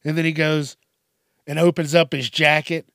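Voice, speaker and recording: A man's voice: fairly high pitch, flat delivery, moderate pace, gravelly, a bit bright, dry recording, clean studio sound. A man hosting a casual news commentary show, swearing constantly and laughing at his own stories.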